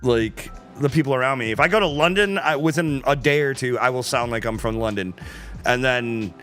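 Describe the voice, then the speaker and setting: A man's voice: mid-range voice, a little fast, a bit bright, soft background music. A man from the American Midwest chatting casually on a stream, laid-back and profane, telling stories with laughs. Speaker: co-host. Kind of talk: casual chat.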